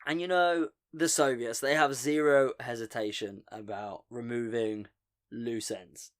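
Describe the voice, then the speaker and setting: A man's voice: mid-range voice, fairly even intonation, measured pace. A man hosting a podcast, telling a story in a casual, joking way and often laughing at his own asides. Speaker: podcast host.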